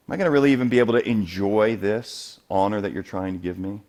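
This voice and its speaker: A man preaching a sermon as the church's elder, conversational and animated, jumping much higher and louder when he acts out quoted speakers, then dropping to a quiet, earnest tone to urge his listeners. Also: fast. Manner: animated, acts out quoted voices with big jumps in pitch and loudness. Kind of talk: expository sermon. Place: church sanctuary.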